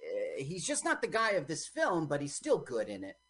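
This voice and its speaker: A woman co-hosting a radio show, bantering playfully about a movie, jokey and quick to interrupt. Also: low-pitched, huge pitch swings, fairly bright tone, breathy edge. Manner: joking, quick to interrupt and argue. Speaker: radio co-host. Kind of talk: casual banter while watching a movie. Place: radio studio.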